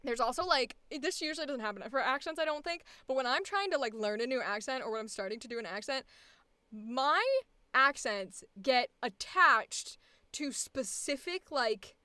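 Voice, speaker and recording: A young woman with a high, bright voice, talking in a giggly, rambling way full of fillers. The sound is dry and close, with no room around it, as she chats casually during a coaching session. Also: expressive, moderate pace, no room sound. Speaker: voice actor being coached. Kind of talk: casual chat.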